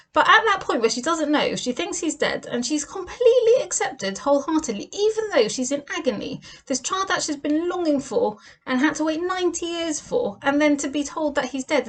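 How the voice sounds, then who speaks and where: A woman giving a weekly Torah portion lesson, earnest and full of rhetorical questions. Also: on the high side. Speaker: Torah teacher.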